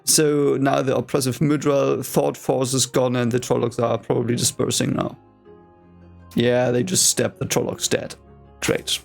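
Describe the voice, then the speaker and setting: A man's voice: medium pitch, creaky. A man reading a fantasy novel aloud for the first time, with chatty, playful commentary and laughing asides. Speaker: reader reacting to a novel. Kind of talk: casual reading reaction.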